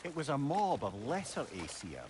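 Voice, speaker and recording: Chatty sage, wry, very lively pitch, boat and water noise behind. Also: male voice, moderate pace. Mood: explaining. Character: wise, talkative old male advisor, wry.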